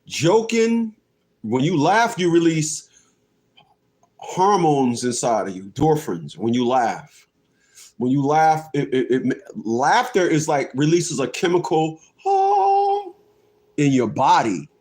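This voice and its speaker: Fifties male streamer, high and swooping voice, laughing, profane, repetitive rant. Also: lively intonation, takes it slowly, a little mellow. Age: 50s. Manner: laughs often, repeats phrases, profane. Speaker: livestream host. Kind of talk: rambling livestream rant.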